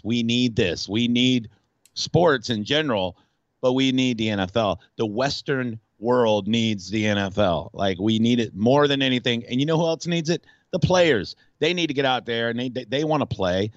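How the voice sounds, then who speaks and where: A male radio host in casual sports talk, animated and rambling, with frequent restarts. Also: fairly low pitch, no room sound, highs cut off.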